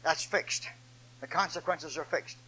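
An older man preaching a sermon, moving from loud, shouted, repeated declarations to low, folksy storytelling in a homespun delivery. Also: a little slow, husky, rough recording.

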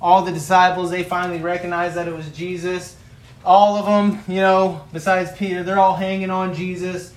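A man's voice: high voice, flat delivery, moderate pace, roomy sound, poor audio. A male preacher giving a sermon, retelling a story in a folksy, vivid way and building to passionate emphasis.

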